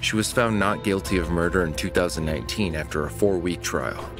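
Deep-voiced man narrating over music. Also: brisk. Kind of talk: scripted narration.

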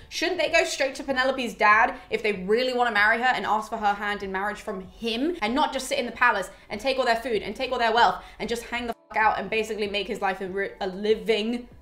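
A woman chatting through an old epic in a rapid, casual way, with the odd swear word. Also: on the high side, fairly bright tone, roomy sound. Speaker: literature explainer. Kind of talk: casual explanatory chat.

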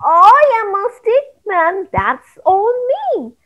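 A woman voicing a cheerful male stick man, a family father with a jolly, booming manner. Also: sing-song, very slow, lo-fi sound, exaggerated voice. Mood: pleading. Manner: jolly booming greeting laugh.

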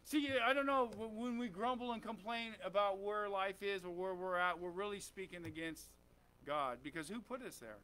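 A man's voice: high voice, normal speed, bright, forceful tone, clear, resonant tone. A man preaching a conversational sermon in a church, often asking the congregation questions and saying "amen.". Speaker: pastor.

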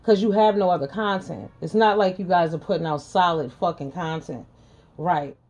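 Low mellow-voiced woman ranting. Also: normal speed. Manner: profane, confrontational, scolding; repeats lines for emphasis. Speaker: channel host. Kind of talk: ranting commentary vlog.

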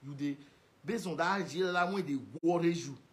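A man with a high-pitched voice and a Nigerian Pidgin accent, ranting straight at someone in a video message. He scolds and insults, hammering the same put-downs again and again. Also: fairly quick. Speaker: social media commentator.

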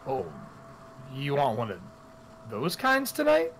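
A man's voice: medium pitch, wildly swooping pitch, slow, noisy background. A man voicing a scarred older brothel madam who rambles in a brash, bawdy way.

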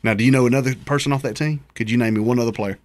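A man's voice: medium pitch, steady tone, racing. Laid-back male sports co-host. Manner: laid-back, confident opinions with slang. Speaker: sports talk show co-host. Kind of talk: casual sports chat.

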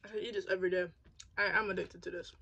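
A woman's voice: lowish voice, steady tone, racing, vocal fry, sharp tone, dull audio. A young woman chatting casually in a vlog, tired and talking while she eats. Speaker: vlogger.

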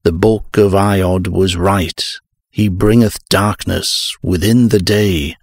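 A man voicing a frantic shouting scholar. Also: deep voice, fairly even intonation, takes it slowly, creaky, dry recording, clean studio sound, full character voice. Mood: urgent. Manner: shouting, urgent. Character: frantic male scholar, adult, urgent.

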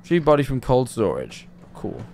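A man's voice: medium pitch, wildly swooping pitch, normal speed, darkish tone, slight background noise. A young man streaming a horror game, nervous and jumpy, swearing and talking to himself as he plays. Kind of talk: live gameplay commentary.

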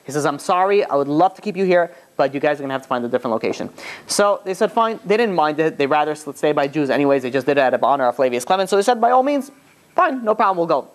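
Quick rabbi guy telling an old story, lots of "you know", acts out the lines. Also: on the high side. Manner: lively retelling that acts out the characters' quoted lines; loose and conversational, often saying "you know". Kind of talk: storytelling lecture.

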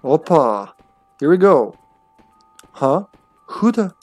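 A man's voice: mid-range voice, expressive, a little slow, pauses often, a little mellow, no echo, soft background music. A man chatting playfully and laughing as he plays a game on a live stream.

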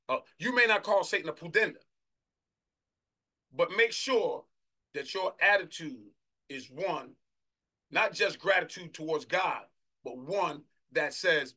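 Fervent preacher with a bright, tense voice. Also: male voice, a little high, animated. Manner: fervent, shouting bursts, drawn-out scripture reading. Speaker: apostle preaching. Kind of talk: sermon.

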